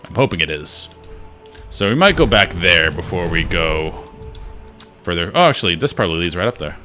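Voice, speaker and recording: A man's voice: sits low, sing-song, normal speed, pushed and bright, soft background music. A man giving casual gameplay commentary as a streamer, thinking aloud and muttering to himself.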